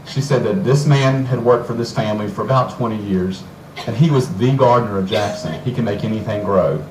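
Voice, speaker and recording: A man from Georgia with a Southern accent, giving a storytelling lecture as a garden author to an audience, animated and often chuckling. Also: fairly low pitch, brisk, a little hiss or hum. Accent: Southern American. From Georgia, USA. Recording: roomy, distant mic with faint ambience.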